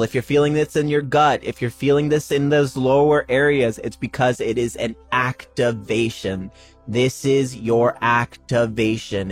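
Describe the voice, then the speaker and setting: A man hosting a spiritual podcast, talking casually and emphatically, repeating phrases and swearing freely. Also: mid-range voice. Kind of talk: casual spiritual pep talk.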